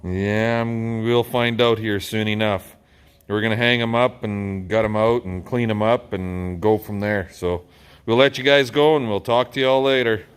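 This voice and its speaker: With a steady voice on the low side, a farmer and channel host chats casually in a laid-back, rambling way, stretching out his filler words. He's outdoors on his farm around machinery, and the noisy recording carries engine and outdoor noise.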